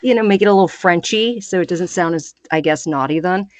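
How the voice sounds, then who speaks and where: A woman's voice: fairly low pitch, a little fast, no echo. A woman guest on a podcast, talking in a brash, crude, joking way. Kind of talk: casual chat.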